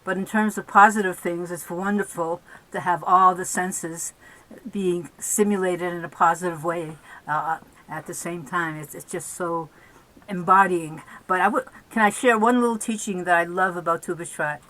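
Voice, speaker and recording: An older woman giving a gentle spiritual teaching on a video call, explaining slowly with small restarts. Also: fairly low pitch, fairly even intonation, poor audio. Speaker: guest teacher. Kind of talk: teaching in a virtual group call.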